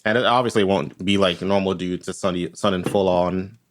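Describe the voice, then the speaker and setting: A man's voice: deep voice, fairly even intonation, fairly quick, slight background noise. A man running a tabletop game as game master, rambling casually and tagging his points with "right?". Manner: rambling, tags lines with "right?".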